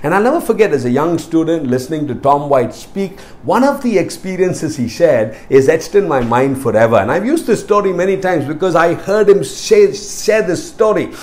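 A man's voice: on the high side, animated, moderate pace, hardly any pauses, darkish tone. Emphatic male preacher. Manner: emphatic, repetitive, building in intensity. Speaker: pastor. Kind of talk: sermon.

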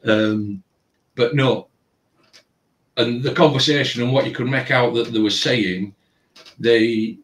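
Slow and often pausing, a tattoo shop owner with a medium-pitched voice tells a long story casually, full of filler phrases and animated retelling. The mic sits at a distance, giving a roomy sound.

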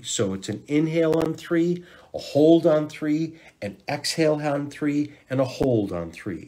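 Husky-voiced man hosting a health podcast. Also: a little high, lively intonation, measured pace. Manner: rambling and conversational, with hushed counting and shushing during breathing guidance. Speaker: natural health podcast host. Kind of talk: casual health podcast talk.

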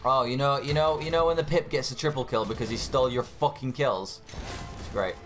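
A man's voice: medium pitch, fairly quick, fairly bright tone, faint music behind. A man giving angry, profanity-laden gameplay commentary as a YouTuber. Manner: angry, swearing, exasperated. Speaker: gaming YouTuber.

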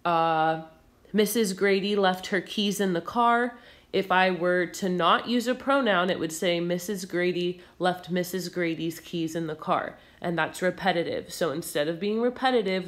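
A woman teacher explaining a recorded grammar lesson patiently and clearly, with occasional fillers. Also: fairly low pitch.

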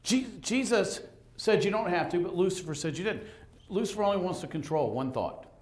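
Animated, lively-voiced male pastor. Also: high voice, brisk. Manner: animated, joking, acts out conversations. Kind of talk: lively sermon with storytelling. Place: church sanctuary.

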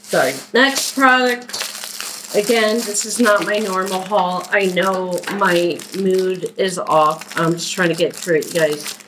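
Amid some background noise, a Philadelphia woman with a lowish, steady voice talks through her shopping haul. She's chatty and unhurried, unpacking items as she goes in a casual haul video.

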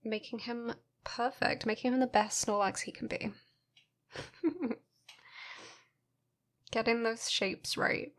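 Slow, sleepy woman narrating her painting. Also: fairly high pitch, steady tone, a bit bright. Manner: playful, self-mocking, chatty. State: sleepy, recently woken. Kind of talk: casual voice-over commentary on a painting process.

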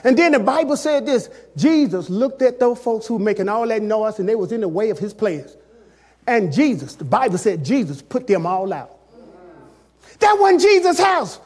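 A man preaching a sermon as pastor, calling out to the congregation and swinging between loud shouts and hushed, quiet passages. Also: sits high, animated, normal speed, slightly rough.

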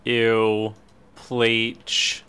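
A man's voice: mid-range voice, monotone, drawn-out words, pushed and bright, clear, resonant tone. A man streaming a horror game live, commentating and swearing, yelping when startled.

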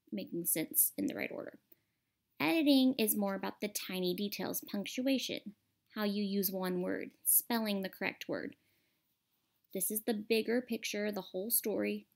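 A woman's voice: medium pitch, creaky. A woman teacher explaining a grammar lesson patiently and step by step over a screen recording.

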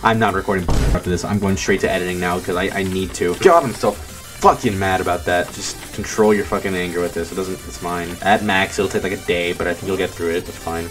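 A man's voice: low-pitched, fairly even intonation, brisk. A man giving casual gameplay commentary, frustrated, swearing, and talking himself down. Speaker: gaming video creator. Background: faint game music.

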